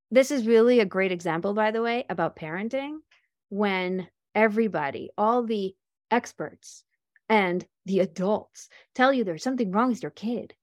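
A woman's voice: mid-range voice, normal speed, dry recording, clean studio sound. A woman giving an informal talk to a group, explaining ideas through examples and acting out little scenes with voices. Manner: animated, acts out scenes with voices. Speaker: speaker teaching self-inquiry.

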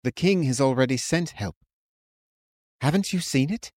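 A man voicing an earnest young man who speaks in a steady, comforting and imploring way. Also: mid-range voice, normal speed, no room sound, studio quality, voice pushed up, lightly acted. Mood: reassuring.

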